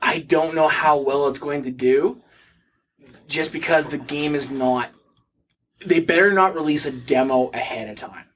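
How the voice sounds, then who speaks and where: A man with a fairly high voice co-hosting a casual podcast about games. He gives blunt, opinionated verdicts in a relaxed, chatty way. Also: a little slow, slight background noise. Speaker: podcast co-host. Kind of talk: casual gaming podcast chat.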